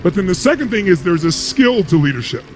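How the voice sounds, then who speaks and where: A man with a high voice that leaps around gives an emphatic motivational talk, firing rhetorical questions and answering them. Faint music plays beneath his speech. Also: sing-song, a little fast. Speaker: motivational speaker.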